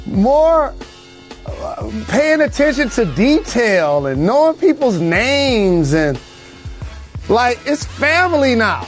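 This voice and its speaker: A man's voice: very high-pitched, very animated, slow, faint music behind. A man co-hosting a sports podcast from a remote studio, speaking in a dry, blunt, matter-of-fact way. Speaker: podcast co-host, former basketball player. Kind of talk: bantering sports talk.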